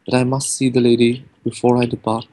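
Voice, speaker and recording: An earnest, devout young knight in a tabletop game, as a man puts him on, speaking in formal, courtly phrases. Mid-pitched and sincere. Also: completely flat delivery, fairly quick, mellow, lightly acted. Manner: formal, old-fashioned courtly speech.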